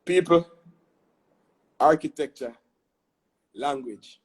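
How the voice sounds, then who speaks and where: Jamaican guy talking fast and lively in an interview, kinda husky voice. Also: fairly high pitch. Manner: animated, tag questions like "you see me?". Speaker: guest. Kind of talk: casual interview chat.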